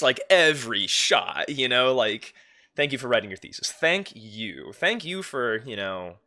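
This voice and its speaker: A man's voice: medium pitch, very animated, measured pace, sharp tone. A young man chatting casually on a livestream, rambling and swearing now and then. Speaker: streamer.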